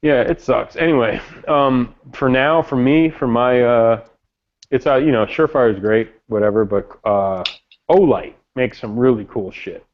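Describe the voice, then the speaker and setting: A man's voice: medium pitch, a little slow. A man telling rambling stories in casual chat, laid-back and full of slang. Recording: dull lo-fi audio.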